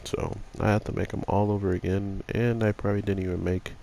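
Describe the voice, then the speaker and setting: Male anime reviewer, deep gravelly voice, sick and rough, casual rambling delivery. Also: level tone, a little fast, dark tone, a little hiss or hum. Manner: rambling, filler-heavy.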